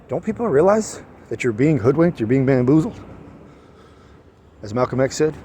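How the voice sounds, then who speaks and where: A man's voice: mid-range voice, big pitch swings, moderate pace, long pauses, dark tone, slight background noise. A man venting in a casual vlog outdoors, heated and rambling, full of restarts and rhetorical questions. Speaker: vlogger.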